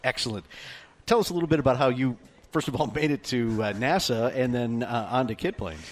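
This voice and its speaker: A man's voice: medium pitch, brisk. A man hosting a radio interview, introducing guests in a welcoming, announcer-like way. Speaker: radio host.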